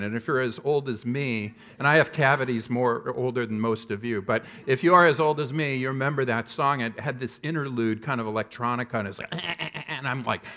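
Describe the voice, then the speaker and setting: A public health professor in his fifties gives a conference keynote in a medium-pitched voice that sits in a middling register. He tells stories with animated energy and self-deprecating humor.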